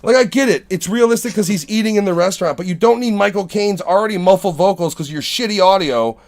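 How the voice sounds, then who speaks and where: A man's voice: sits high, fast talker, a little mellow. A man hosting a podcast, ranting in casual, profane chat. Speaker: podcast host.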